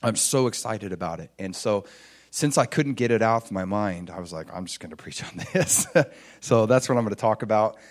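A male pastor delivers a sermon in a relaxed, conversational way. He has a slight Upper Midwest accent. He often restarts his sentences and pokes fun at himself. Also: fairly low pitch, normal speed. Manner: conversational and self-deprecating, with laughs and restarts.

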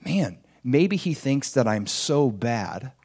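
A candid, plain-spoken factory woman , as a male preacher quotes her. She talks in a confiding, lively way with a rising and falling pitch. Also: slow, husky, exaggerated voice.

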